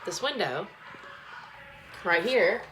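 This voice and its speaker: A vlogger holds her phone and chats to its camera from a small home bathroom, rambling profanely and leaning heavily on "like." Her voice is medium-pitched and animated, her pace slow, with background noise present.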